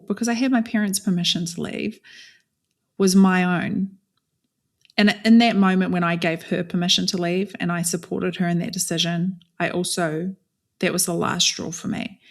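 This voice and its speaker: A young adult woman from New Zealand, a podcast guest telling her story in a candid, conversational way with many fillers and restarts. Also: fairly low pitch.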